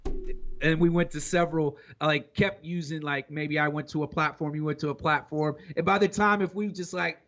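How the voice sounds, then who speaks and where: A man's voice: on the high side, fairly even intonation, normal speed, fairly bright tone, muffled recording. A man co-hosting a podcast, talking in a rambling, streetwise way with frequent "you know what I'm saying" asides. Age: older than co-host. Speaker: podcast co-host. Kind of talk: casual podcast chat.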